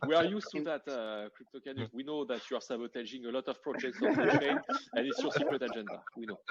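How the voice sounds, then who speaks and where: A man on a call giving a halting project update, full of filler sounds. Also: medium pitch, very animated, creaky, dull audio, crowd noise. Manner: hesitant, lots of uh, friendly. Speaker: project team member.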